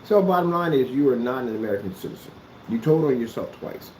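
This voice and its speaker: A vlogger rants straight to the camera at someone, scolding, sarcastic and highly repetitive, in an echoey room. His mid-range voice is a little mellow with lively intonation and a fast delivery, over slight background noise.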